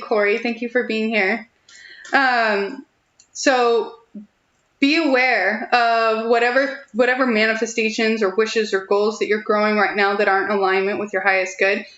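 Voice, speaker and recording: Young woman doing a live tarot reading, giggly and reassuring, kinda high voice, echoey room. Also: a bit bright, muffled recording. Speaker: tarot reader.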